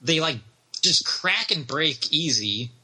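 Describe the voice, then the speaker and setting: A man co-hosting a casual podcast about video games, animated and swearing freely as he laughs along. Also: fairly high pitch, slow pace, slightly rough. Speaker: podcast co-host.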